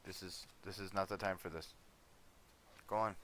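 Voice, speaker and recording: Chill guy streaming, kinda low voice but bright and forceful, easygoing, keeps bossing his dog around. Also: steady tone, normal speed, slight background noise. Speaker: livestreamer. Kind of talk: casual livestream chat.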